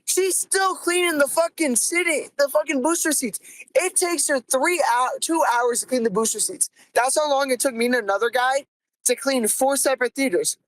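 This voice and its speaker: High-pitched young woman, exasperated storyteller. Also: moderate pace, no room sound, rough recording. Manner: animated, exasperated, swears freely. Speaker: podcast host. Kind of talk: comic first-person storytelling.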